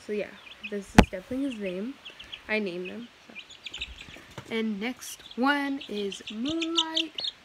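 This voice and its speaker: A woman's voice: a little high, a little slow. A young woman in her teens chatting casually in a vlog at home, rambling with many fillers and restarts. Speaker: vlogger. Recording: noisy home recording.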